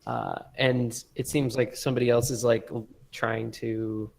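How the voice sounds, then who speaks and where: A man's voice: mid-range voice, level tone, slow pace, gravelly, a little hiss or hum, rough recording. A young man narrating a tabletop game as game master in a loose, casual way with many fillers.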